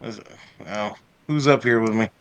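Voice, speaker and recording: A man's voice: on the low side, moderate pace, clean tone. A man playing a tabletop game, chatting casually and a bit unsure. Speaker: player.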